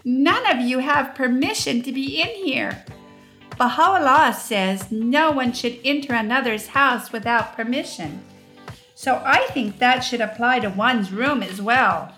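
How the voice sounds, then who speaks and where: Woman as a stern mother, firm, commanding, storybook reading, slow, higher voice. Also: soft background music. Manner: firm, commanding, loud calls. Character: stern but patient mother.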